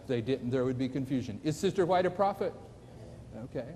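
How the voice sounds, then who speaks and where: Male preacher, mellow voice, emphatic and questioning, recorded in a long-reverb hall with faint background noise. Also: medium pitch, animated, brisk. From United States. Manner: emphatic, asks the audience questions. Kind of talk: sermon lecture. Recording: distant echoey hall recording.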